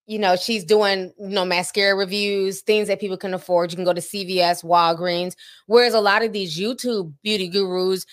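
A woman's voice: medium pitch, steady tone. A woman co-hosting a podcast, chatting casually with many fillers and reading a sponsor spot. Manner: chatty, drawn-out filler-heavy talk. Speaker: podcast co-host.

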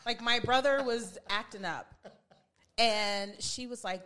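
A woman's voice: a little high, slow, sharp tone, clear, resonant tone. A middle-aged woman chatting as a podcast guest, laughing often as she tells family stories. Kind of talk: casual chat.

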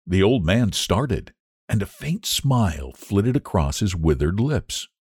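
Brief: male audiobook narrator, low and lively in pitch, dry close mic. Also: slightly rough, no echo. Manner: measured, expressive storytelling.

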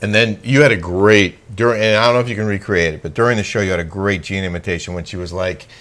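A man's voice: lowish voice, steady tone, quick pace, fairly bright tone. A man hosting a casual talk show, recapping episodes and teasing his co-host, laughing easily. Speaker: podcast host. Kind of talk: casual chat.

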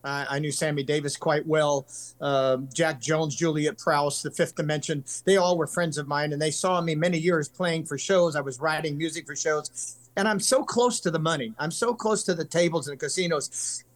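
An older man from California, USA, a country singer, is a guest in a casual interview chat, telling long, earnest, rambling stories. His voice is on the high side, and he speaks at a moderate pace.

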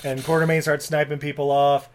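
A man's voice: on the high side, level tone, fairly quick, a little hiss or hum. A man co-hosting a podcast, recapping a movie in a casual, laid-back way, swearing and laughing often. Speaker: podcast co-host.

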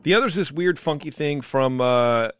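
A man's voice: fairly high pitch, lively intonation, moderate pace, a little hiss or hum. A man co-hosting a casual beer-tasting podcast, rambling and joking, often breaking off mid-thought. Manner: rambling, self-interrupting, joking. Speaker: podcast co-host.

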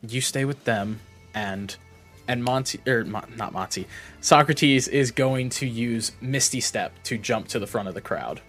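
A man playing a tabletop game, talking in an excitable, stammering way. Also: mid-range voice, a little slow, faint music behind. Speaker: player. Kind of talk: casual tabletop role-play.

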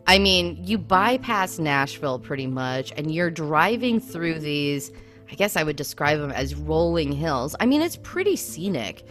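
Low-pitched woman co-host, chatty storyteller, faint music underneath. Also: a little slow. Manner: animated, lots of fillers like "I mean". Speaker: podcast co-host. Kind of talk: casual storytelling chat.

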